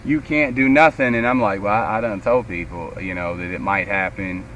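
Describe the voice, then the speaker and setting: A man's voice: lowish voice, moderate pace, muffled recording. A man with a Kentucky accent co-hosting a casual chat, telling a rambling, profane story and acting out what others said. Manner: rambling, animated, profane, quotes others in raised voice. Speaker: show co-host. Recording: distant mic with faint street and traffic noise.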